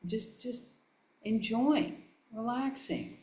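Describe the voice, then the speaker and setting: A woman giving a relaxed, chatty dharma talk to a live audience, laughing often and restarting her sentences. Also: fairly high pitch, slow. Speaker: Buddhist nun teacher. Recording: echoey room.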